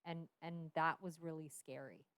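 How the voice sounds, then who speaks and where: A woman's voice: sits low, fairly even intonation, moderate pace, fairly bright tone, clean tone, no echo. A woman in her thirties, a podcast guest, frankly telling a personal story with frequent swearing and laughter. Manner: frank, profane, laughs often. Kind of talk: candid storytelling.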